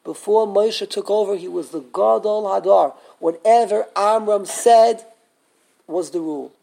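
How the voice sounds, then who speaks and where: A man teaching a live Torah class, animated and full of questions to the students, often restarting his sentences. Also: high-pitched, unhurried, vocal fry.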